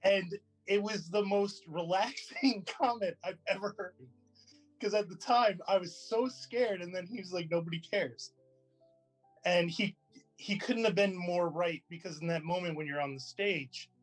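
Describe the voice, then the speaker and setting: A man sharing a chatty, lively personal story in a tribute to a theater colleague, with many restarts and fillers. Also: high-pitched, unhurried, soft background music, poor audio. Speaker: theater company member giving a tribute. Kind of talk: personal anecdote, casual storytelling.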